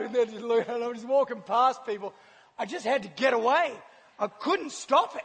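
A guest speaker with an extremely high-pitched, animated voice shares his personal testimony before a live audience, acting out scenes and laughing frequently. He talks at normal speed over slight background noise, and the hall adds a long reverb.

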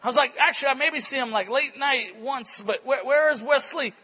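A man with a high, bright voice preaches to a conference crowd. His tone is a little husky, and he tells animated stories, acting out what people said and laughing along. He sounds sharp and forceful, never flat. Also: brisk. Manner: animated storytelling, acts out quotes, laughs often. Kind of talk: energetic conference sermon with stories. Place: church conference hall.

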